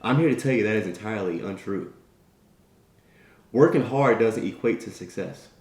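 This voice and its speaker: The sound is roomy as a man with a low-leaning voice delivers a motivational talk at normal speed. He tells his story in a chatty, animated way, acting out its characters and repeating "right?" and "you know."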